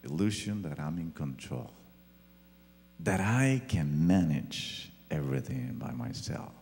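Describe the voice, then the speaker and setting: Man, pastor, sermon, slow and drawn out, animated pitch, echoey church hall. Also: vocal fry. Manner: dramatic, swings from loud to hushed. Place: church sanctuary.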